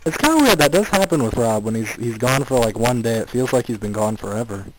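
A man's voice: mid-range voice, brisk, slight background noise, low-quality recording. A man co-hosting a casual comedy podcast, riffing playfully and laughing at the jokes. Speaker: podcast co-host.

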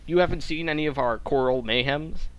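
A man's voice: on the high side, fairly quick, highs cut off, background noise. A man hosting a podcast, rambling in an irreverent, casual way. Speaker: podcast host.

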